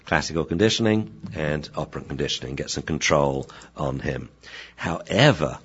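A man, a veterinarian and dog trainer, explaining dog behavior in a lively storytelling manner. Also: rumbling low, slightly rough. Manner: lively storytelling, acting out scenes. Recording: dull lo-fi sound.

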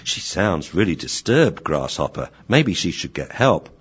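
A man voicing a wise old male dog who calmly and gently advises a younger dog. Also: low voice, slightly rough, heavily acted. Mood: counseling. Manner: calm, gentle, measured advice. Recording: dull lo-fi recording.

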